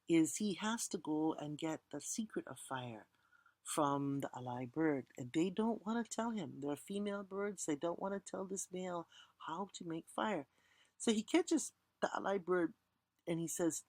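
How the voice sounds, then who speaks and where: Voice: medium pitch, no room sound. A teacher telling a legend as a lecture, reciting chant lines and then explaining them plainly, and inviting the audience to repeat words. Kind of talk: storytelling lecture.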